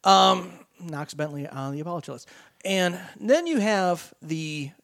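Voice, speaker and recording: A man's voice: sits high, lively intonation, unhurried, creaky, fairly bright tone. A man co-hosting a sports talk radio show, ranting animatedly in casual chat with frequent restarts. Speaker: radio co-host.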